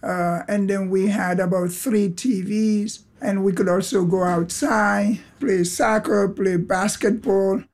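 A man from Guinea, speaking in slow, simple, careful phrases as an interviewee. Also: high-pitched, steady tone, a little mellow.

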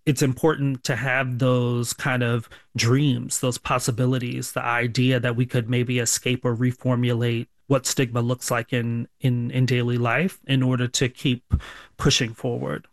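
A man from Baltimore speaking as a radio guest, reflective and measured. His voice stays very even in pitch and sounds dry and close. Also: no room sound. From Baltimore, USA. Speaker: guest, sociology professor. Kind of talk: radio interview.

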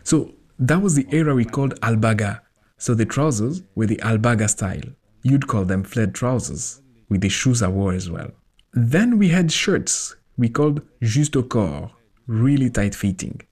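Husky man reading a translated voice-over. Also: medium pitch, lively intonation, moderate pace, a little mellow. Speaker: voice-over interpreter.

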